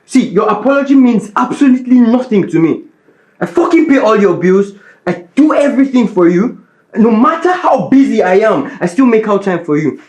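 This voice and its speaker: A man's voice: high voice, expressive, normal speed, darkish tone, reverberant, poor audio. An actor with a Nigerian accent playing a fed-up young boyfriend who scolds his girlfriend. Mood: scolding. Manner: scolding, exasperated. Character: exasperated young man who pays the bills. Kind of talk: film drama acting.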